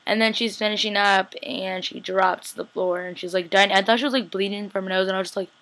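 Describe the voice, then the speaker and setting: A woman's voice: mid-range voice, fairly even intonation, fast, fairly bright tone. A young woman casually recapping a TV episode, chatty and slangy, acting out the characters' lines. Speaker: TV recap vlogger.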